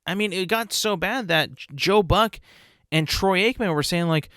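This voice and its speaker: A man's voice: high voice, normal speed, pushed and bright, no echo, clean studio sound. A young man hosting a solo podcast, ranting in exasperation with plenty of swearing. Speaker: podcast host.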